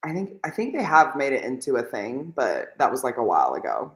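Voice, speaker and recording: Her very deep voice swings hugely in pitch, and she talks briskly. Co-hosting a casual reading livestream as a podcast co-host, she chats and rambles, often imitating people in put-on voices, with the audio coming through a laggy video call in an echoey room.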